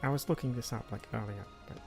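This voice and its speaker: A man's voice: medium pitch, fast talker, vocal fry, music in the background. A man streaming a video game, rambling with lots of hesitations and fillers. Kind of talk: casual gameplay livestream commentary.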